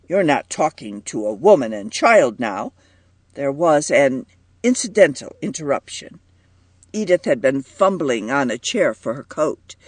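A man reads a story aloud in an unhurried, expressive way, his voice husky and lively in pitch. The recording is close and dry. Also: no room sound. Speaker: narrator. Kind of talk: audiobook narration.

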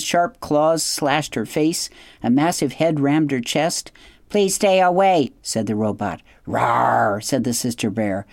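A woman hosting a radio program, reading a children's novel aloud in an expressive, measured storytelling manner with hushed dramatic asides. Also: very deep voice, no echo, clean studio sound. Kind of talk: scripted storybook narration.

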